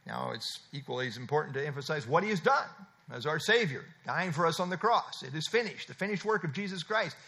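A man's voice: fairly high pitch, expressive, a little fast, pushed and bright. A man preaching a sermon, explaining scripture verse by verse with repeated emphatic phrases and frequent uh fillers. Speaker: pastor.

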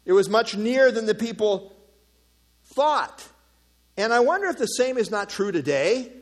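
A man's voice: sits high, lively intonation, moderate pace. A man preaching an expository sermon, teaching earnestly from scripture with informal asides. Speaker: pastor.

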